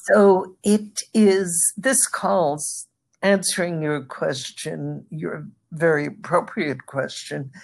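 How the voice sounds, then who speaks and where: A woman answering interview questions as an expert guest, measured and explanatory. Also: deep voice, steady tone, gravelly. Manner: measured, explanatory, occasional laughs.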